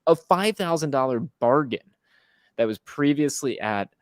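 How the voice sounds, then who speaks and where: Male host, casual live stream, upbeat quick promo talk, dry close mic, mid pitch. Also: lively intonation, no echo.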